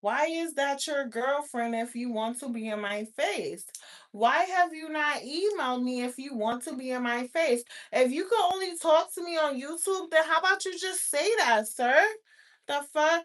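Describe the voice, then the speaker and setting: A woman's voice: high voice, expressive, measured pace, a bit bright. A woman vlogger, ranting bluntly to her viewers with lots of cursing and scolding. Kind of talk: casual rant to camera.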